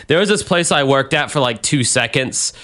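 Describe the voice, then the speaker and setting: A man's voice: mid-range voice, lively intonation, normal speed, a bit bright. A young man co-hosting a podcast, chatting casually and telling loose, rambling stories with some swearing. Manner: rambling, loose storytelling with profanity. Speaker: podcast co-host. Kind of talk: casual chat.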